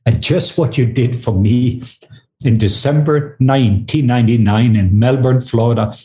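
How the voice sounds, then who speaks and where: A middle-aged man from Norway, a guest minister, leading a slow, drawn-out spoken prayer. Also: mid-range voice, mellow.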